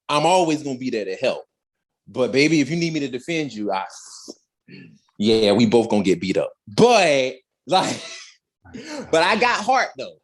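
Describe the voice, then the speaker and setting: A man voicing a gentle, caring young woman who admits she cannot fight, in a casual, reassuring way. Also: on the high side, poor audio.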